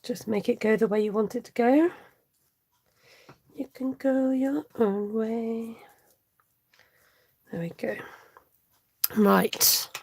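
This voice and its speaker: A woman's voice: fairly high pitch, slow pace, gravelly, pauses often, a little mellow, breathy edge. A woman hosting a live craft tutorial, chatty and giggly as she reads out viewer comments. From United Kingdom. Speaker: crafting channel host.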